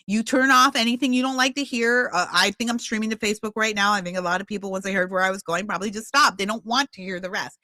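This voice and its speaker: A woman in her fifties hosting a podcast, giving impassioned, confrontational commentary that bursts into loud outbursts. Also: on the high side, no room sound. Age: 50s. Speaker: podcast host.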